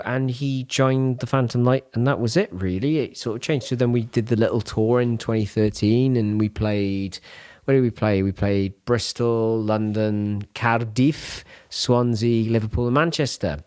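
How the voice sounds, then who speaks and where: A man's voice: medium pitch, a little mellow, clean tone, no room sound, clean studio sound. A man hosting a podcast, telling long rambling anecdotes full of asides. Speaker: podcast host. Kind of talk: casual anecdotal chat.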